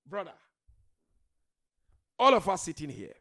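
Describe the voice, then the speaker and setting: A high-pitched man preaches at a measured pace, his voice swinging widely in pitch. Before a gathering, he goes from soft pleading to loud shouting, asking rhetorical questions and repeating key words.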